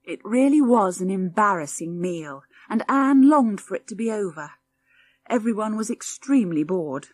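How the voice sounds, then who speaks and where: A woman narrating an audiobook, telling the story in a clear, expressive way. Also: medium pitch, moderate pace, no echo. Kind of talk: scripted narration.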